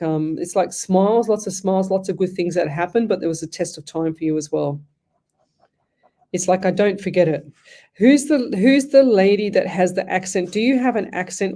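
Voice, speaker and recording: A woman's voice: lowish voice, warm tone. A woman hosting a live radio show as a psychic medium, chatty and rambling with frequent restarts. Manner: chatty, rambling, thinks aloud with many restarts.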